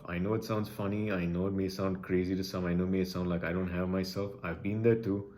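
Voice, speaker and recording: A man with a very low, deep voice talks straight to his viewers with heartfelt urgency. He sounds emotional, pleading, and leans on repeated phrases to drive each point home. Faint room ambience sits quietly behind him. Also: flat delivery, brisk, few pauses, slight background noise. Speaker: vlogger sharing personal experience. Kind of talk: earnest personal address to camera.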